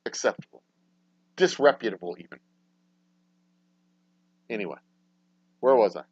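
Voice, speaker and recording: Animated ranting man on a lo-fi mic. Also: medium pitch, normal speed, no echo. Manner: profane, ranting, swings from mumbling to loud outbursts. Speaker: podcast host. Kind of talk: casual livestream chat. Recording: dry, dull lo-fi sound.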